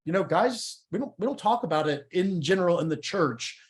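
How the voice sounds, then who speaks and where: A man's voice: high voice, lively intonation, fairly quick. A middle-aged man sharing his personal testimony in a conversational church interview, candid and emotional, often stumbling and repeating words.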